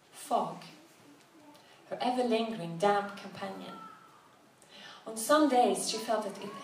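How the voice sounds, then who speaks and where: Female storyteller, measured and expressive, recorded in an echoey room from a distance. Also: medium pitch. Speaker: narrator. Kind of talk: storybook narration. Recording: roomy, distant mic, faint background noise.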